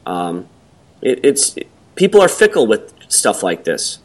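A man's voice: lowish voice, huge pitch swings, unhurried, a little mellow. Rambling man in casual chat. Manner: rambling, hesitant with many ums. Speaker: podcast co-host. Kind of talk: casual conversation.

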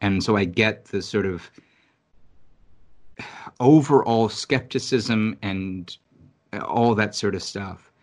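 Man from New York City, lower voice, casual, swears a lot, animated storyteller. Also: slow, long pauses. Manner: rambling, profane, animated storytelling. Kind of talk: casual conversation. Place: Virginia.

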